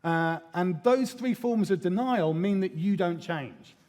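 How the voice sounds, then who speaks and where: A man speaks on stage at a conference in a fairly high voice. His delivery is lively and irreverent, with casual swearing and little acted-out quotes. The sound carries a long reverb from a large hall. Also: measured pace. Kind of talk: live conference talk.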